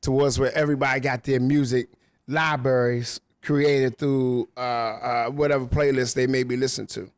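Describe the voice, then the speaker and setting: Male radio DJ guest, mid-pitched, slangy casual storyteller, dry recording. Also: flat delivery, normal speed, clean tone, no room sound. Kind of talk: casual chat. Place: rooftop venue.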